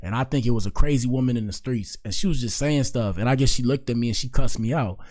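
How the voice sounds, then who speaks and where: A man's voice: mid-range voice, fast talker, a little mellow. A man hosting a podcast, rambling in casual commentary with lots of "like" and "you know", then lecturing his listeners earnestly. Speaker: podcast host.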